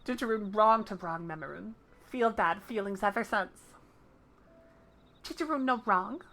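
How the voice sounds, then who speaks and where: A woman's voice: medium pitch, animated, unhurried, fairly bright tone. A woman voicing a small, anxious merchant who speaks broken English and refers to himself in the third person. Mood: earnest.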